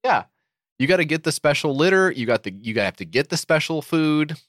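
A man's voice: a little high, sing-song, a little fast, a bit bright, no echo, studio quality. A man co-hosting a podcast in casual comedic chat, swearing freely and riffing with sarcastic asides. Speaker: podcast co-host.

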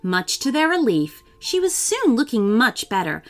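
A woman narrating a children's storybook in a lively, expressive reading voice. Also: a little high, normal speed, soft background music.

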